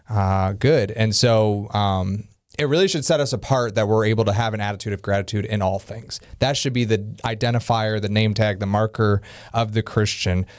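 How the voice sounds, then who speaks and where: A man's voice: on the low side, darkish tone, no echo, studio quality. A man co-hosting a Christian podcast, speaking earnestly and building to preachy emphasis. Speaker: podcast co-host. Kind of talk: casual faith discussion.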